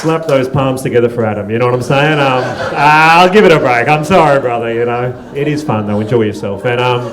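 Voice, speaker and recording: This Australian comedy-night host speaks in a mid-range voice at a fairly quick clip. Standing on a club stage, he does crowd work: swearing freely, teasing people in the audience, and laughing a lot as he goes.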